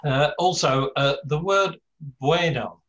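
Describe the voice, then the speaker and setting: Slow, hesitant older man tutoring Spanish. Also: a little high, fairly bright tone, lo-fi sound, slight background noise. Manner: slow, hesitant, many fillers and restarts. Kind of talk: online language lesson.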